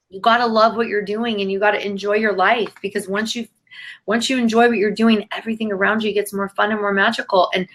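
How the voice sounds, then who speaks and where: A woman's voice: mid-range voice, a bit bright. Woman, motivational guest; emphatic, preachy delivery with casual swearing. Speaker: guest coach. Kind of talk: motivational interview talk.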